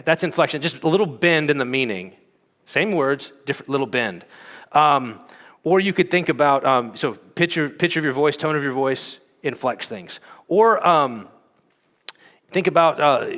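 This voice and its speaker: At a conference, a man of medium pitch and fairly bright tone teaches conversationally. Fillers are frequent, as are his "okay?" check-ins with listeners. The hall gives the recording a long reverb.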